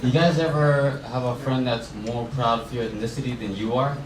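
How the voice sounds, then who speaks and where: A man doing stand-up who keeps laughing as he delivers his lines. His mid-pitched voice carries through a roomy space from afar. Steady background noise sits under him. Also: normal speed. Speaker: stand-up comedian. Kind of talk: stand-up set and chat. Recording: echoey room from far off, clear noise.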